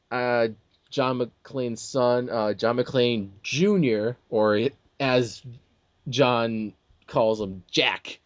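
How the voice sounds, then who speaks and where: A man's voice: mid-range voice, no echo. A man co-hosting a casual movie talk show, ranting with lots of restarts and acted-out quotes. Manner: animated ranting with many restarts and quoted asides. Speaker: podcast co-host.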